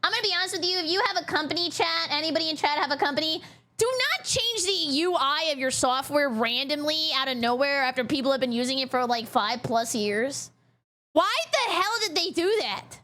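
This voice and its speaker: A woman streamer with a high-sitting voice chats casually on a live stream. Excitable and giggly, she squeals greetings to her chat.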